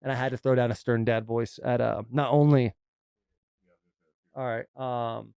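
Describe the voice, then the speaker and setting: A man in his thirties, a podcast co-host, chatting casually and telling animated stories with acted-out quotes. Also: medium pitch, a little slow, vocal fry, clean tone, no room sound, clean studio sound. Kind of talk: casual chat.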